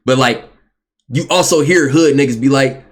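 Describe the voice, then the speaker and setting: A man's voice: mid-range voice, moderate pace. A man in casual podcast chat, rambling and searching for his words as he asks questions. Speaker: podcast host.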